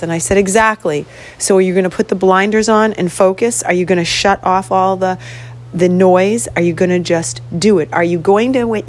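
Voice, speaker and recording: A woman's voice: fairly low pitch, a little mellow. A middle-aged woman, a host and coach, telling a story in an earnest, motivational way and acting out both sides of a conversation. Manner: earnest, motivational, retells dialogue. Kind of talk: storytelling monologue.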